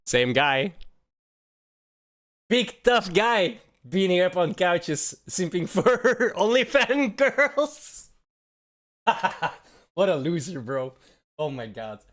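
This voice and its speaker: A man's voice: high voice, sing-song, slow pace, pauses often, fairly bright tone. A young man streaming casual reaction commentary, mocking and swearing, often breaking into laughter.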